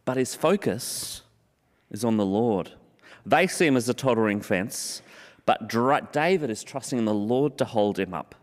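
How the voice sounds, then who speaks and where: A man preaching a sermon in an earnest way, slowing down on scripture and repeating key phrases for emphasis. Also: on the low side. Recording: long hall reverb.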